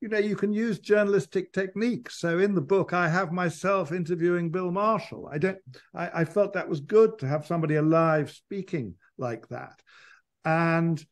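A man's voice: sits high, normal speed. A man, a biographer guesting on an interview and telling long, digressive stories with frequent restarts. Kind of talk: conversational interview.

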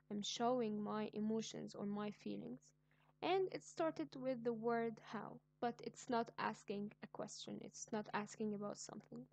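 A woman teaching an online grammar lesson, speaking slowly and clearly and repeating each example sentence. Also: fairly high pitch, darkish tone. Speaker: English teacher.

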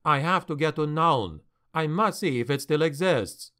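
A man's voice: fairly high pitch, animated, moderate pace, pushed and bright. A man voicing an earnest young adventurer.

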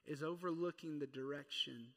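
A man's voice: on the high side, fairly even intonation, moderate pace, gravelly. A man in his thirties preaching a sermon in a conversational, playful way. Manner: conversational and playful, acting out quotes. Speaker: pastor. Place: church. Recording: church hall reverb.

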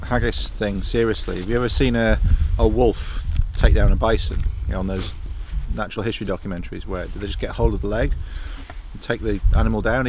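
A man on an outdoor trip, telling a tall tale with deadpan teasing. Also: fairly low pitch, a little fast, heavy background noise. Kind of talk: casual chat on a trip.

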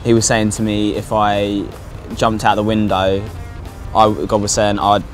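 Young man, lowish voice, casual filler-heavy testimony over faint music. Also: completely flat delivery, unhurried. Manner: casual, sweary, lots of likes and fillers. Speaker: interviewee recounting his own psychosis. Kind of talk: candid documentary testimony.

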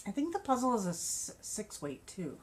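A woman's voice: medium pitch, sing-song, moderate pace, a little hiss or hum. A woman vlogger chatting casually about her crochet projects and yarn, gushing and laughing often. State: a bit out of breath. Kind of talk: casual show-and-tell chat.

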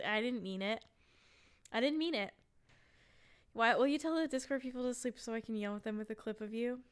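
A woman's voice: on the high side, clear, resonant tone. A woman streamer in casual livestream chat, rambling and swearing freely as she talks with her viewers.

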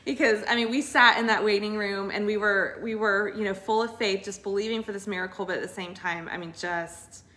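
Speaking a little fast with hardly any pauses, a medium-pitched woman in her thirties shares her faith story as co-host. Her casual delivery is heartfelt, earnest, and lively.

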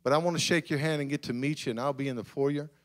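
A man's voice: fairly high pitch, steady tone, fast talker, a bit bright. A man preaching in a church, telling a story conversationally that builds to emphatic, repeated declarations. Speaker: guest preacher. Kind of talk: sermon. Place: church sanctuary.

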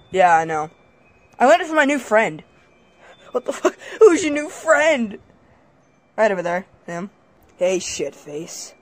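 An amateur performer voicing characters in a crude animated cartoon, loud, shouty and profane. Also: medium pitch, measured pace, long pauses, no echo.

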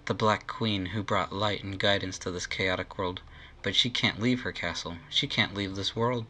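A man's voice: low voice, fairly even intonation, normal speed, bright, forceful tone. A man reading a greedy, haughty game queen. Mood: scheming. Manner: haughty, possessive, theatrical. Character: greedy, domineering young queen, woman.

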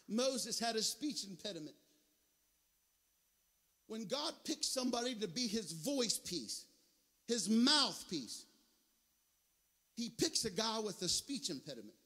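A man with a very high voice preaches a revival sermon in a church. He keeps prodding his listeners with quick asides. Again and again he swells into a shouted, sing-song preaching rhythm. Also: very animated, breathy edge, long reverb tail. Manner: builds into a shouted, chanting preaching cadence; calls out to the congregation with "huh?" and "can I tell you". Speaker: guest pastor. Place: church sanctuary.

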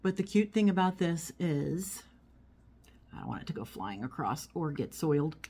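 The voice is a woman's, low-pitched, very animated, mellow and slightly rough, at a moderate pace. She's a vlogger unboxing and showing a haul of small items at home, chatting and rambling while handling them, captured on a phone with crinkling packaging behind her.

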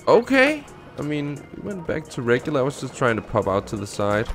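A man's voice: medium pitch, brisk. A man hosting a gaming channel, giving casual commentary and thinking aloud as he plays, with faint background music. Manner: relaxed, thinking aloud while playing.

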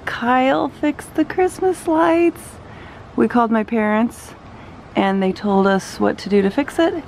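A woman in her thirties with a Californian accent, softly and affectionately talking through her family's day in a casual home vlog. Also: fairly high pitch, animated, unhurried, creaky, slight background noise. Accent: Californian English. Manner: soft, affectionate, talks through plans. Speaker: vlogger mother.

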